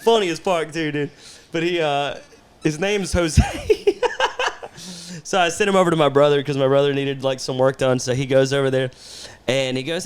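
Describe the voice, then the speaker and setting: A young man with a somewhat high voice talks in loose, profane podcast banter. He tells stories in quick bursts and keeps breaking into laughter. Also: expressive, smooth. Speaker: podcast host. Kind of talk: casual chat.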